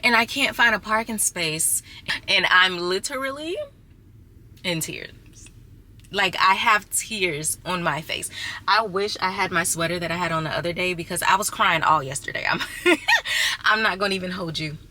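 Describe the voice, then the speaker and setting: A six-months-pregnant young woman speaks in a lowish, bright, forceful voice at normal speed. She's telling a story on a casual vlog, chatty and exasperated, addressing viewers as "y'all."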